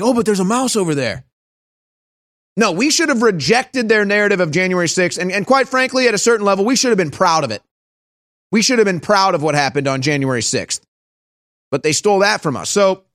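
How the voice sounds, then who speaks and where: A man hosting a political commentary show, ranting sarcastically and mocking others in put-on voices. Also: a bit bright. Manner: sarcastic, mocking, mimics voices in high pitch. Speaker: talk show host.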